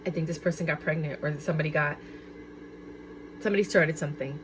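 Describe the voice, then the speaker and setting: Woman tarot reader, casual and chatty, excitable and exclamatory. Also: sits low, quick pace, background noise. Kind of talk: casual tarot card reading.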